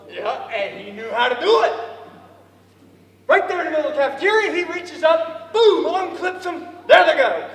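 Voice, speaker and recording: High-voiced man telling a story in an echoey hall. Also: distant mic. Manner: animated, acts out voices, laughs often. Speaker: storyteller speaker. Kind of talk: storytelling speech.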